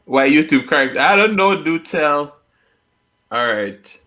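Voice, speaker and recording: A man's voice: fairly high pitch, expressive, takes it slowly, sharp tone. A man hosting a casual chat, playfully explaining slang and reading viewer comments aloud. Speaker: host.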